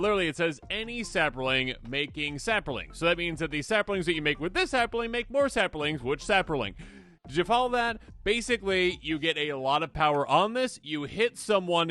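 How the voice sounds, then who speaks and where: A man hosting a card game video, talking casually and excitably, slipping into quick imagined voices. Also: a little high. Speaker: host.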